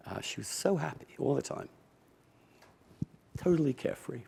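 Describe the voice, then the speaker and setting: Gravelly-voiced Englishman telling stories. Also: medium pitch, expressive, whispered. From England. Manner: wry and unhurried, with soft laughs and many restarts. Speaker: guest speaker at a public conversation. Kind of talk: reflective personal storytelling.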